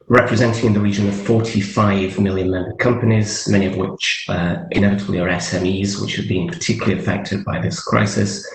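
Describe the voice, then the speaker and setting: A man giving formal, measured remarks as a panel speaker over a video call. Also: fairly low pitch. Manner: measured, explanatory. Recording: roomy echo, faint background noise.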